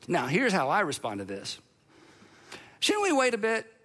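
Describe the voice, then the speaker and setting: A man's voice: high voice, huge pitch swings, normal speed, long pauses, sharp tone. A male pastor preaching a sermon in a conversational, playful way, with asides to the congregation.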